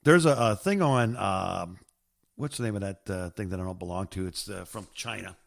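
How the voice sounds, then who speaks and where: A man's voice: deep voice, moderate pace, gravelly, dry recording. An older man co-hosting a podcast in casual chat, often groping for words and chuckling. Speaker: podcast co-host.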